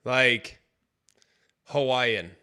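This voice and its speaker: A man's voice: mid-range voice, extremely slow, sharp tone, smooth. A man co-hosting a sports radio morning show, talking eagerly with lots of fillers. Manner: enthusiastic, filler-heavy. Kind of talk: casual morning radio chat. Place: radio studio.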